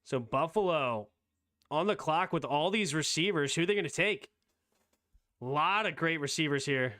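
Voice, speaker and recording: A man hosting a casual live sports talk stream, reacting quickly and excitedly with strong opinions. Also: a little high. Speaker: streamer host.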